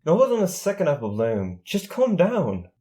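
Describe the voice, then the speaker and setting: A man's voice: a little high, normal speed, pitched above the performer's own voice. A man doing Applejack, drawling country mare. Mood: soothing. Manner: folksy drawl, calming. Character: country mare, big sister pony, folksy and soothing.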